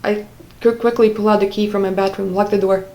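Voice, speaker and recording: A young woman telling a personal story in a casual, halting way, often stopping to search for words. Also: mid-range voice, level tone, darkish tone, low-quality recording. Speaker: vlogger.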